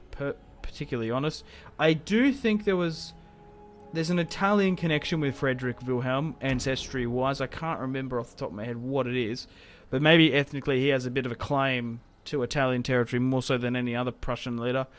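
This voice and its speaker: A young man giving casual, rambling game commentary, self-mocking and prone to sudden excited outbursts. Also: mid-range voice, brisk. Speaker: gaming YouTuber. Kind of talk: casual Let's Play commentary. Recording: game music playing faintly behind.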